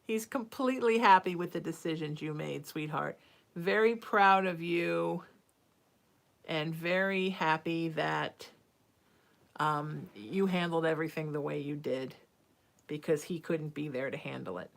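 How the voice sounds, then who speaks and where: Reassuring woman psychic, low-pitched. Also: unhurried, vocal fry. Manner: reassuring, calls listeners sweetheart and honey; casual and chatty, with soft fillers. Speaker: psychic medium host. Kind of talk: live-stream Q&A with psychic readings.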